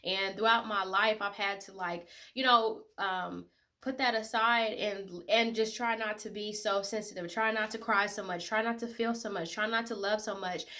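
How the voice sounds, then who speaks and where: A woman's voice: medium pitch, steady tone, normal speed, sharp tone. A woman in her twenties talking casually and heartfelt to her viewers, emotional and full of fillers. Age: 20s. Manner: emotional, tearful at times, many fillers. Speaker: vlogger. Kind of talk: casual personal talk to camera.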